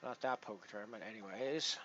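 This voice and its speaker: A man commentating his poker stream in a casual, rambling way, full of restarts, his loudness rising and falling as he goes. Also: lowish voice, fast talker, highs cut off, slight background noise. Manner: rambling, with many restarts and big swings in loudness. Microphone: headset.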